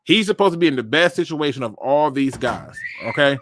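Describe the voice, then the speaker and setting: A man hosting a casual sports fan show, talking straight to viewers with emphatic, animated commentary. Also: mid-range voice, fairly quick, few pauses, no room sound. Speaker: sports podcast host.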